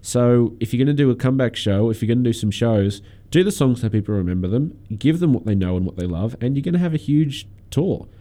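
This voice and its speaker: A man's voice: medium pitch, animated, fast, few pauses, mellow. A young man co-hosting a casual radio music show, giving long opinionated takes. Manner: opinionated, talks at length. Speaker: radio co-host.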